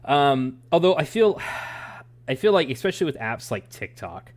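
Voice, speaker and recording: A man's voice: mid-range voice, big pitch swings, measured pace. A young adult man co-hosting a podcast, giving his opinions in a rambling, ranting casual chat. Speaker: podcast co-host.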